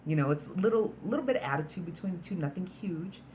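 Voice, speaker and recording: A woman's voice: on the low side, lively intonation, quick pace, mellow, a little hiss or hum. A woman casually recapping a film's plot in a chatty, storytelling way, sprinkled with "like" and mild swearing. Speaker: movie reviewer.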